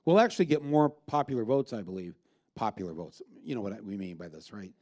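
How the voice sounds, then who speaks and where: A man's voice: fairly low pitch, very animated, fast, a little mellow. A man speaking as a filmmaker guest in an onstage conversation before an audience, blunt and emphatic, with frequent restarts. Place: live event with an audience.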